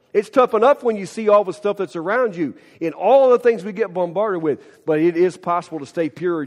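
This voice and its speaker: Man, pastor, sermon, conversational preaching, asides to the congregation, fairly high voice, church hall reverb. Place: church sanctuary.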